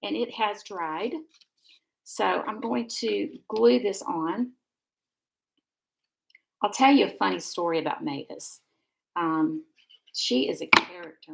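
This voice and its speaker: A woman's voice: medium pitch, takes it slowly, gravelly, pauses often, rough recording. A middle-aged woman, chatting and rambling casually while she demonstrates card making on a live stream. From Georgia, USA. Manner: chatty, rambling, warm asides.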